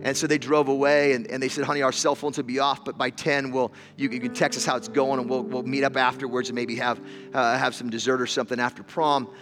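A man's voice: mid-range voice, little pitch movement, fast, music in the background. A man preaching, telling a story with repeated words and rising intensity. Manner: storytelling, repeats words, builds to loud emotional climax. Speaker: pastor. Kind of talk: sermon. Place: church hall with an audience.

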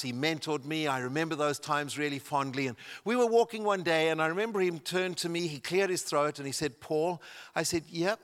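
A man preaching at a camp meeting, telling a personal story with a few halting restarts. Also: a little high, a bit bright, clear, resonant tone. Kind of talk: sermon storytelling. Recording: reverberant hall.

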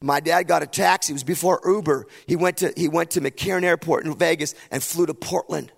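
A middle-aged man preaching at a camp meeting, his voice gravelly and edged with fry. He tells a personal story, then pushes into impassioned points. The sound carries a long reverb from the hall. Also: fairly high pitch, fairly even intonation, brisk. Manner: storytelling, builds to impassioned emphasis. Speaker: pastor. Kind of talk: sermon.

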